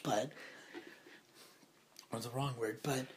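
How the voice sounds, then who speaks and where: A man's voice: mid-range voice, fairly even intonation, takes it slowly. A young man co-hosting a podcast in casual chat, sick, playful and laughing often. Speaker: podcast co-host.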